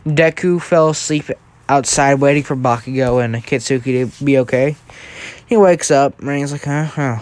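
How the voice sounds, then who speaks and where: A man's voice: medium pitch, normal speed, darkish tone. A young man casually telling a fan-fiction story, rambling and often checking in with "right?". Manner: rambling, with frequent restarts and "right?".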